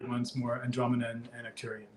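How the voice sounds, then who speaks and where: Fifties guy, relaxed guest in a chat, mid pitch, roomy echoey sound. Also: brisk. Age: 50s. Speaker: past life regression hypnotist guest. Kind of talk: casual interview chat. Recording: echoey room.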